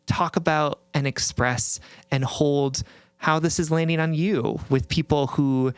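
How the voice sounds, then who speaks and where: A man co-hosting a podcast in casual chat, gently validating, with many fillers and restarts. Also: a little high, steady tone, measured pace, smooth, no echo. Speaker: podcast co-host.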